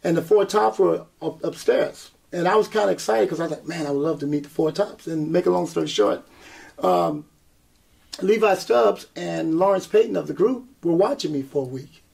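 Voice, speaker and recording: A guest singer and performer speaks at normal speed in a gravelly, slightly high voice. In the interview he tells his story animatedly, acting out quotes and laughing often.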